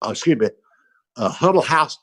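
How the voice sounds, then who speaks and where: An older man telling a casual anecdote on a video call, animated and acting out the voices of the people in it. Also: medium pitch, normal speed, breathy edge. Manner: animated storytelling, acts out voices. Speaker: comedy panel guest.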